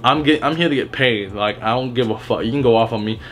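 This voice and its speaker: A young man at an average pitch vents about retail customers in a loose storytime vlog. He swears constantly, restarts his sentences and never softens anything. Faint music plays softly behind him. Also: fast. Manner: blunt, heavily profane, rambling with restarts. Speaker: retail worker telling stories.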